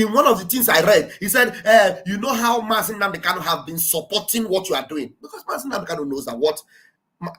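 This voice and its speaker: A woman hosts an online show, giving impassioned commentary in a bright, forceful voice. She talks fervently and repetitively, often breaking into shouts. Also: on the low side.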